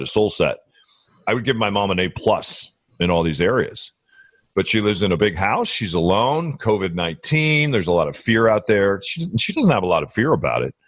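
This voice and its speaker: A middle-aged man with a deep voice hosts a casual podcast interview, recorded with no room sound. He speaks reflectively and often repeats words while he thinks.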